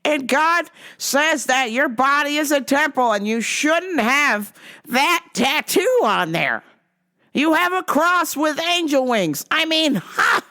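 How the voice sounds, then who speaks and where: Woman doing a preachy man, high-pitched, slow, lecturing, repetitive. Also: lively intonation, bright, forceful tone, full character voice. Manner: insistent, lecturing, repeats himself. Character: preachy pushy male customer, self-righteous.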